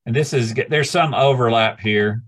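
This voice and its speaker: A man's voice: mid-range voice, moderate pace, a bit bright. A man leading a study group, teaching informally with a rambling, hesitant manner and many restarts.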